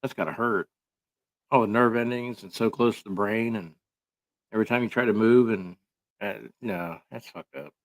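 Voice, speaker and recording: A man's voice: on the low side, moderate pace. A man giving casual, rambling commentary full of sarcastic jokes and filler words.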